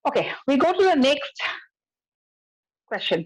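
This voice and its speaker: A woman's voice: sits high, sing-song, normal speed, breathy edge, low-quality recording. A woman with an Assamese accent giving a biology lecture in class, mixing English and Assamese and often asking students to check their answers. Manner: asks students frequent check questions, mixes English and Assamese. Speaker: biology teacher.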